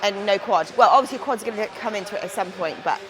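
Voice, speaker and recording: A woman's voice: mid-range voice, fast talker, a crowd in the background, low-quality recording. A young woman chatting candidly and swearing casually as she walks through gym exercises in a vlog. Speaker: bodybuilding competitor. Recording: music playing behind.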